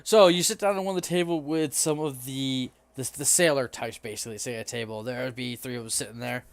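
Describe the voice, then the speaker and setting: A man's voice: medium pitch, fast talker, no room sound. A man running a tabletop game as game master, rambling and often correcting himself.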